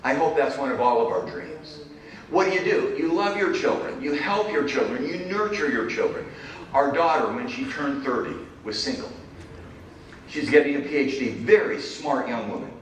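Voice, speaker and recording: A man's voice: mid-range voice, lively intonation, moderate pace. A middle-aged man giving a conference keynote, speaking in punchy short phrases with dry humor. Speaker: keynote speaker, business professor. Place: large conference hall. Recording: echoey hall, distant mic, faint noise.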